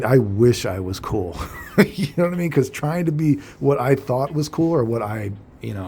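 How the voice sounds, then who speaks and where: Rambling man with a mellow voice. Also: on the low side, a little hiss or hum. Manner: rambling, frequent "you know" and "I'm like", swearing, retells arguments. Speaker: vlogger. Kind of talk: casual monologue to camera.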